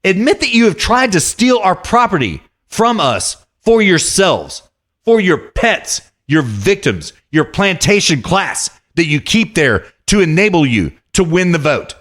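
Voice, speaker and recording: A man's voice: high-pitched, sing-song, measured pace, a bit bright. A man hosting a podcast, delivering a heated, profane political rant full of repeated jabs. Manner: heated ranting, profane, repetitive. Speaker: podcast host.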